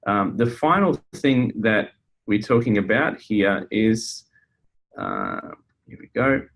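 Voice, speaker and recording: Man, somewhat low voice, casual webinar talk, fillers and restarts, counselor. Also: wildly swooping pitch, takes it slowly, vocal fry, a bit bright. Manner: conversational, with frequent fillers and restarts.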